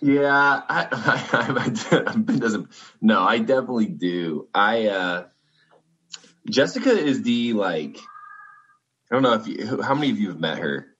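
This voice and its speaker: A man with a very low, husky voice speaks thoughtfully over a video call, often pausing and restarting. The sound is dull and lo-fi. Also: sing-song, a bit bright. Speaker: podcast guest.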